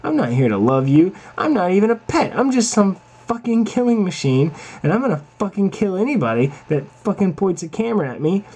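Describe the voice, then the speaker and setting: A man's voice: high voice, very animated, a little fast, few pauses, darkish tone, breathy edge, full character voice. A man voicing a hostile, snarling male house cat that makes crude, aggressive threats.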